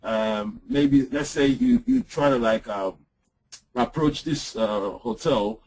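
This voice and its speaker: A man presenting software in an online webinar, walking through a screen-share demo with frequent "uh"s and "um"s over a computer mic. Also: medium pitch, takes it slowly, poor audio. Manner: hesitant, lots of "uh" and "um". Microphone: computer mic on an online call.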